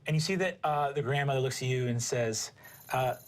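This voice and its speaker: Brief: casual game master, loose filler-heavy narration, mid-pitched, faint ambience. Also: male voice, a little fast, slight background noise.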